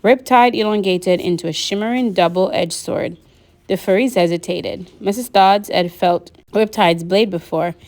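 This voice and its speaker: A woman narrating a novel aloud in a lively audiobook reading, voicing the characters. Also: medium pitch, measured pace.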